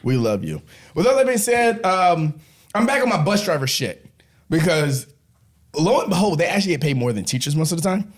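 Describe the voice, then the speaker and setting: A man's voice: on the high side, very animated, brisk. A man hosting a casual podcast, joking and profane, laughing often and winded from running back. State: winded, coughing. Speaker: podcast host.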